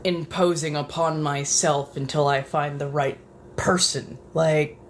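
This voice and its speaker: Woman chatting slow into a close mic at home, swears a lot, whispers now and then, faint hum behind. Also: sits low, steady tone. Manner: profane, dramatic, drifts into whispers. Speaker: ASMR streamer. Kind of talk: casual chat. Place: apartment.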